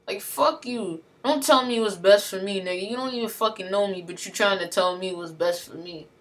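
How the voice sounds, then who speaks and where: Venting at normal speed in a medium-pitched voice, a woman launches into an angry rant loaded with profanity and slang, repeating points over and over. The recording catches her from a distance.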